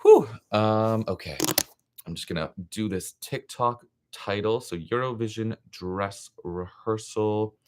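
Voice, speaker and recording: A young man hosting a live reaction stream, chatty and excitable, giving frank opinions in a scattered, casual way. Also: fairly low pitch, slow pace, a little hiss or hum. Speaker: livestream reaction host.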